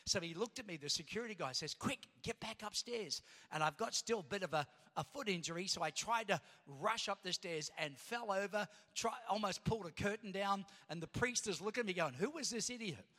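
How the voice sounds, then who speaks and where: High, bright-voiced preaching pastor. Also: male voice, fairly quick, hardly any pauses. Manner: storytelling that builds to loud preaching. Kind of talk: sermon. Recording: long hall reverb.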